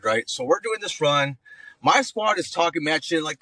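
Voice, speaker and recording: A man in his thirties with a bright, forceful voice, swapping stories on a podcast. He talks in a slangy, profane, animated way and throws in "bro" constantly. The sound is close and dry. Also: on the high side, normal speed, no echo, rough recording. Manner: animated storyteller acting out voices. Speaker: guest, active-duty Marine staff sergeant. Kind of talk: casual podcast storytelling.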